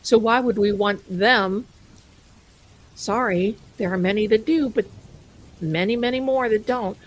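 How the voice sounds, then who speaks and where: A woman's voice: medium pitch, unhurried, slight background noise, poor audio. A woman hosting a live stream, chatting casually and rambling, amused by her own jokes and calling viewers her darlings. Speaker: livestream host.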